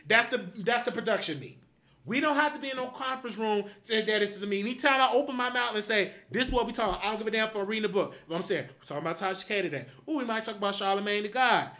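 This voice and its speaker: Angry high-voiced man scolding his crew. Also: pushed and bright. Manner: angry, scolding, profane rant; repetitive, emphatic commands. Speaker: show host. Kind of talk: livestream rant at his producer.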